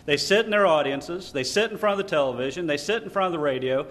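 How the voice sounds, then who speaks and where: A man's voice: a little high, fast talker, fairly bright tone. A man preaching a sermon at a lecture series, emphatic, asking the audience rhetorical questions and quoting scripture. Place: lecture hall.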